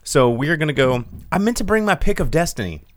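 A man's voice: a little high, sing-song, quick pace, crowd noise. A young man hosting a podcast, ranting sarcastically in casual chat and swearing freely. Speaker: podcast host.

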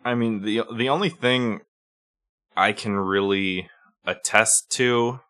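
A man's voice: fairly low pitch, takes it slowly, bright, forceful tone. A man co-hosting a podcast, telling stories animatedly and swearing freely in casual chat. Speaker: podcast co-host.

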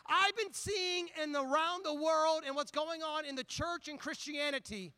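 High-voiced, bright animated preacher man. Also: moderate pace, dry recording. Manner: animated, conversational storyteller. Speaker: pastor. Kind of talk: sermon with personal storytelling.

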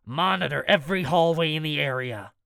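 A man's voice: a little high, fairly quick, creaky, bright, forceful tone, smooth, no room sound, studio quality. A man voicing a ruthless male gang leader, barking harsh orders at his crew. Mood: commanding.

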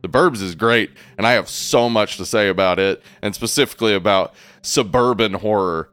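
A man co-hosting a movie podcast in casual chat, playful and often laughing, rattling off quick promos. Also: on the low side, fairly bright tone, clear, resonant tone, no room sound. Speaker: podcast co-host.

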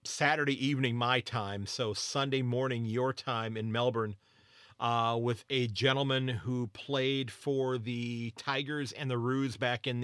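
A man's voice: medium pitch, fairly bright tone, no room sound, clean studio sound. An American man hosting his own sports podcast, chatting loosely with many fillers and calling his listeners folks. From United States. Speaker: podcast host and footy tipster. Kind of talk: solo sports podcast commentary.

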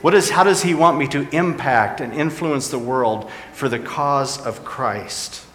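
A man's voice: mid-range voice, a little slow, a bit bright. A man preaching a sermon as pastor, his voice rising and dropping for emphasis. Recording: echoey church hall.

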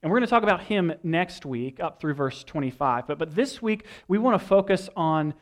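Young guy pastor preaching, animated storyteller, a bit high voice. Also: normal speed. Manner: animated storytelling, acting out movie lines. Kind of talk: sermon.

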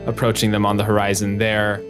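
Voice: sits low, monotone, fast, music in the background. A co-host narrating an improvised story, playful and jokey, often breaking into laughter.

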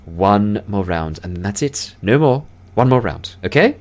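A man's voice: on the low side, expressive, a little slow, darkish tone. A man voicing a smug male half-elf gambler who taunts his opponents at dice. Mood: coaxing.

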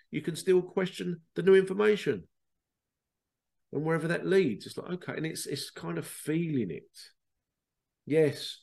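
Casting: male podcast host, mid-pitched, loose unscripted monologue full of rhetorical questions and restarts. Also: vocal fry, a little mellow. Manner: rambling, repeats words, asks rhetorical questions. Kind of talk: casual solo podcast monologue.

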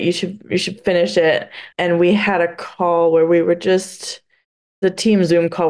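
A young woman speaks openly in an interview, her voice sitting a little low. She talks earnestly, with many restarts and halting phrases. Now and then emotion catches in her voice. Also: a little mellow. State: emotional, near tears at times. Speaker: podcast guest, blind adaptive athlete. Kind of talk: candid interview conversation.

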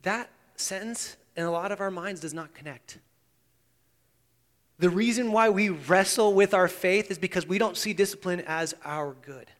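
High-voiced male pastor preaching in a reverberant hall. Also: moderate pace. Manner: swings between hushed intensity and loud animated emphasis. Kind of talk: sermon. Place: church sanctuary. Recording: long church reverb.

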